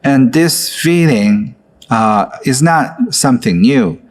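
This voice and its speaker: A man who leads a guided exercise in an online course, speaking gently and coaxingly with frequent filler words. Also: medium pitch, lively intonation, takes it slowly. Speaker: course instructor.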